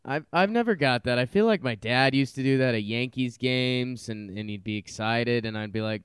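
This man's clear, resonant voice sits in the mid range and keeps a normal speed as he co-hosts a podcast. His casual talk rambles, full of fillers and restarts, and the studio-quality recording has no room sound.

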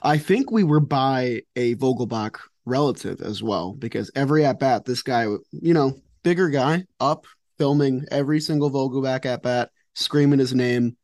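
A man's voice: medium pitch, normal speed, hardly any pauses, a little mellow, dry recording. A man co-hosting a casual sports podcast, talking easygoing with wry asides. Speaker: podcast co-host.

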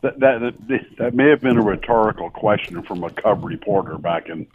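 A man's voice: fairly low pitch, expressive, a little fast. A man calling in as a sports guest, reminiscing in a rambling, casual way. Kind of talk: casual chat. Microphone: telephone. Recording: tinny phone line.

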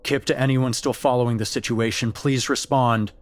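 A man's voice: medium pitch, fairly even intonation, normal speed, pitched above the performer's own voice, close to an everyday voice. A man voicing a male security guard who makes urgent, strained radio calls in an audio horror story.

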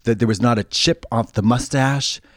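A man co-hosting a casual comedic chat, deadpan, dropping into low murmurs and breaking into shrieking laughs. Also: moderate pace, no room sound, studio quality. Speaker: co-host.

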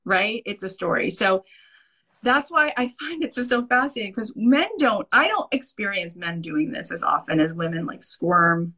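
A woman's voice: medium pitch, expressive, moderate pace, pushed and bright, husky, rough recording. A woman business coach in casual podcast chat, speaking emphatically and checking in with listeners often. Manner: emphatic, keeps asking "right?"; repeats phrases for emphasis.

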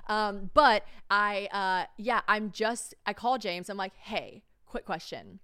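Woman, young adult, podcast host, casual rambling chat, smooth clear voice, dry sound. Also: medium pitch, steady tone, takes it slowly, bright, forceful tone, no room sound. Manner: rambling storytelling, acts out quoted voices.

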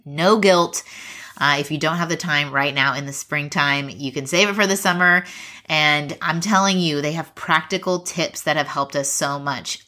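A woman's voice: low-pitched, pushed and bright, no room sound, studio quality. A woman hosting a faith-based parenting podcast, talking in an earnest, chatty way and laughing easily. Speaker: podcast host. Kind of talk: casual podcast chat and ad read.

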